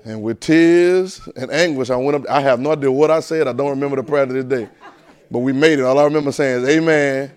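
A man preaching a sermon, telling a childhood story with lively, animated delivery. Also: mid-range voice, racing. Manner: animated storyteller, rising to excited near-shouting.

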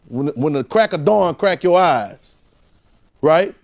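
Preacher, male, somewhat high voice; call-and-response sermon, jumps from loud outbursts to low asides. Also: expressive, slow pace, gravelly.

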